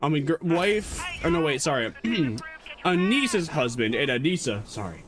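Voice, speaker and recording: On his VTuber stream, a man with a fairly high voice and big pitch swings chats casually at normal speed. He rambles and jokes, fixing himself mid-sentence with many stammered restarts.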